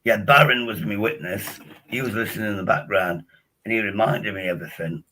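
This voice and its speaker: A man hosts a casual livestream. His voice is low and husky, with a bright, forceful edge. He rambles, restarts often and tells crude jokes. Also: a little fast, rough recording. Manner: rambling, restarts a lot, bawdy humour. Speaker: livestream host.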